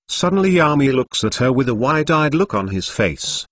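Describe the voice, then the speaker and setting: A synthetic male voice narrates a fan story at a middle pitch. The reading is flat and mechanical and sometimes speaks punctuation marks aloud. The sound is dry and close, with no room echo. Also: moderate pace, few pauses. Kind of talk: text-to-speech story reading.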